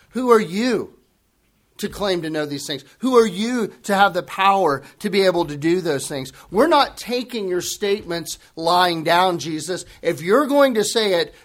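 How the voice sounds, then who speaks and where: Guy doing a sneering hostile man, mocking questions, pitched up high. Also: a bit bright.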